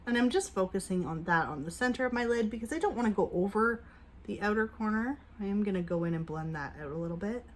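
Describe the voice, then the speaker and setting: A woman vlogging a casual makeup review at home, chatty and upbeat, with hushed asides while she applies. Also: medium pitch, expressive, fast talker, a little hiss or hum. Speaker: beauty vlogger.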